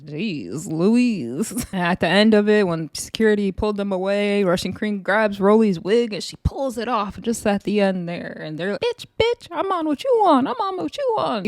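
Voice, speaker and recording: A woman's voice: on the low side, a little mellow, no echo. Woman host, casual recap voice, dry close mic, giggly. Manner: laughing, chatty, acts out quotes. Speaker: reality show recap host. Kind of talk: casual commentary.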